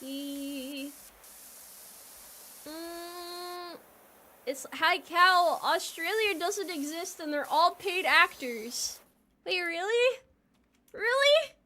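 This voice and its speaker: High, bright-voiced young woman streamer. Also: lively intonation, very slow, long pauses, slight background noise. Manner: rambling, jokey, laughs often. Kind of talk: casual chat with viewers while gaming.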